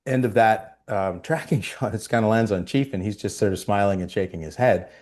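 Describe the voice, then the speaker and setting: A man with a fairly low voice tells behind-the-scenes stories in an interview. He talks casually, with restarts, and acts out what people said. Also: brisk. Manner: animated storyteller, acts out quotes. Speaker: actor guest. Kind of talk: storytelling interview.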